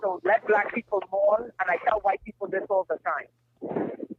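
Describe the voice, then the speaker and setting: A woman's voice: medium pitch, very animated, normal speed, creaky, slight background noise. A woman guest on a call-in show, speaking emphatically and repeating her phrases. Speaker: guest psychic reader. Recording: tinny phone line, dry.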